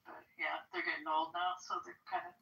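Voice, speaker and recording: A woman's voice: low-pitched, little pitch movement, brisk, vocal fry, sharp tone, roomy sound, recorded from a distance, poor audio. A woman who works as a teacher, talking in a blunt, matter-of-fact way in casual chat.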